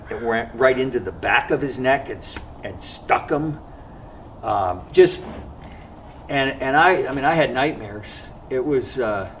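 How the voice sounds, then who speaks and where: A man of middle pitch tells a personal story in an earnest, reflective way, stopping now and then to find his words. He sounds set back from the microphone. A faint hiss of background noise runs underneath. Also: recorded from a distance, poor audio. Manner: earnest, reflective, often pausing to regather his thoughts. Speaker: fishing vlogger.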